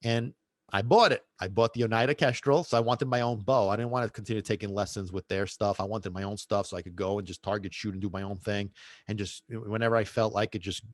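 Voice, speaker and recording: A man's voice: lowish voice, fairly even intonation, fast, no room sound, clean studio sound. A middle-aged man hosting a podcast, telling a casual story in a rambling way with many restarts and asides. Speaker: podcast host and dog trainer.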